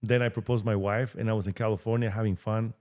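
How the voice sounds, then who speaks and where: A man from Mexico, a real estate agent guesting on a podcast, telling his life story in a lively way and acting out the voices of people he quotes. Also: on the low side, quick pace. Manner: animated, acts out quoted dialogue. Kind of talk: storytelling interview talk.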